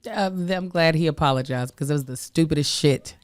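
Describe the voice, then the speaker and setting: A woman's voice: low voice, fairly quick. Woman, podcast co-host, blunt, outspoken, casual chat.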